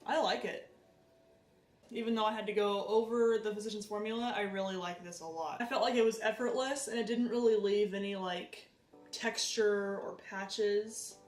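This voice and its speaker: A woman vlogger chatting casually as she tries out makeup, animated and self-deprecating. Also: medium pitch, moderate pace, echoey room, far from the mic, faint music behind. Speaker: beauty vlogger. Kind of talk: casual makeup tutorial chat.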